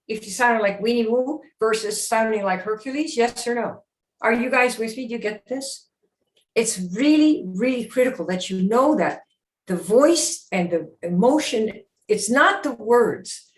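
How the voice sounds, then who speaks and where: A woman hosts a live coaching stream, pressing each point with emphatic rhetorical questions. Her voice sits in a middle pitch. It rings in a roomy, echoing space. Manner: dramatic, slips into acted voices. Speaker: host of a sales coaching live show. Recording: roomy echo.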